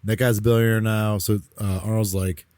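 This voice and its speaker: A man's voice: lowish voice, flat delivery, brisk, darkish tone, dry recording, clean studio sound. A man co-hosting a podcast, chatting casually about a movie with wry asides. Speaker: podcast co-host.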